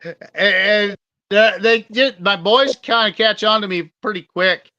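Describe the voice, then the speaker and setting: A man's voice: high-pitched, measured pace, sharp tone, dry recording, lo-fi sound. A man co-hosting a casual podcast, swearing freely as he tells rowdy stories. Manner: profane, storytelling, swears a lot. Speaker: podcast co-host.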